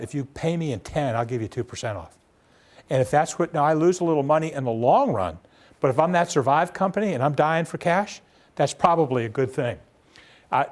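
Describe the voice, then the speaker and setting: A man giving a live small business seminar, talking in a conversational way full of rhetorical questions. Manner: conversational, rhetorical questions, acts out demanding debtor with raised pitch. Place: seminar room.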